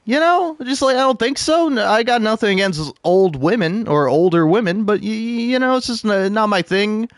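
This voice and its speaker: A man's voice: sits high, moderate pace, hardly any pauses, dry recording, studio quality. A man in his twenties rambling in casual commentary over gameplay, stammering and chuckling often. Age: 20s. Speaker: gaming commentator.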